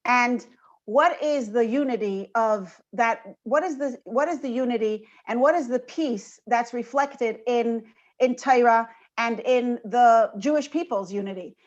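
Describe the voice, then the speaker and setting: A woman moderating a women's panel on a video call, giving an informal Torah talk in an animated storytelling manner. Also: a little high, unhurried. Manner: animated storyteller, switches voices for quoted animals. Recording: dull lo-fi video call audio.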